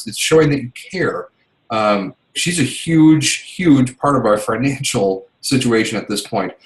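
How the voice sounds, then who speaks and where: A man's voice: mid-range voice, echoey room, poor audio. A middle-aged man talking casually and chattily, rambling with many fillers and restarts and acting out little quoted exchanges. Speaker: business coach's husband sharing tips. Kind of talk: casual talk to an online audience.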